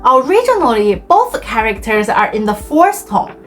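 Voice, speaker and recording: A woman teaching Chinese in a clear, deliberate scripted explainer, slowing down to model tones. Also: on the high side, sing-song, fairly bright tone, soft background music.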